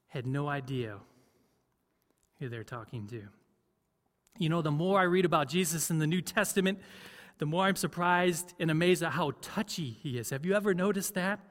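A man's voice: a little high, fairly bright tone, in a large hall. A man preaching a sermon as pastor, conversational, often asking the congregation questions. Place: church.

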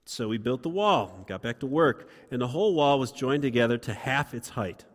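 A pastor giving a sermon in a conversational way, repeating words and building to animated emphasis. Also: male voice, mid-range voice, normal speed. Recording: long reverb of a large room.

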